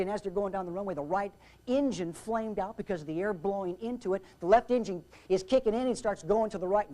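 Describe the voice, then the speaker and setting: A man giving a humorous aviation safety talk, telling anecdotes in an animated, theatrical way with jokes. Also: sits high. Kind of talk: humorous storytelling seminar talk.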